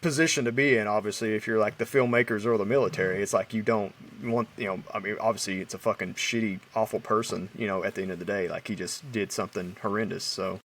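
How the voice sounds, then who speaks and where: A man chatting on a film podcast, talking in a loose, hesitant way full of restarts and fillers. His voice is bright and forward, and he sits a little back from the microphone. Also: lowish voice, steady tone, fast talker, few pauses, far from the mic, a little hiss or hum. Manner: rambling, hesitant, many restarts. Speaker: podcast co-host. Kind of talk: casual chat.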